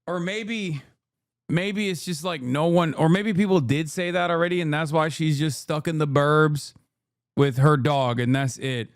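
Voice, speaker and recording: A man reacting to video clips in casual commentary, sarcastic and quick to swear, often cutting himself off mid-word. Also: a little high, no echo, clean studio sound.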